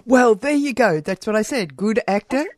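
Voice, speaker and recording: A radio host interviewing a guest, halting and searching for words. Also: medium pitch, expressive, a little hiss or hum. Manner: halting, lots of "uh" fillers while searching for words.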